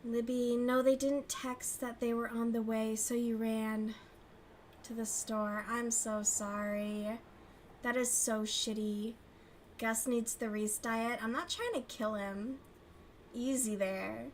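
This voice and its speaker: A woman's voice: a little high, steady tone, slow pace, slight background noise. A young woman hosting a crochet livestream, chatting casually with viewers, swearing and laughing often. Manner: profane, gossipy, laughs often. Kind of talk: casual chat with chat readers.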